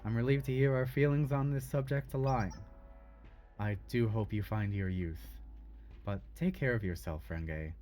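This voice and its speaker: A cool, composed schoolgirl, read out by a man speaks low and quietly. She is measured and blunt and shows little feeling, in a lower, softer tone than the reader's own. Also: faint music behind, lightly acted.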